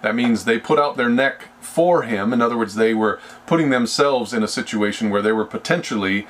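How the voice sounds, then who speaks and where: A man teaching an informal Bible study, talking in a halting, conversational way and reading scripture aloud with emphasis. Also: mid-range voice, a bit bright, slight background noise. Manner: conversational, halting, with fillers and restarts.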